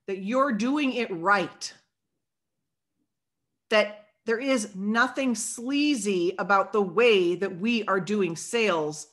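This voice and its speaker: A woman giving an energetic motivational talk on sales to her team, preachy in tone and playing out sales dialogue as she goes. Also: mid-range voice.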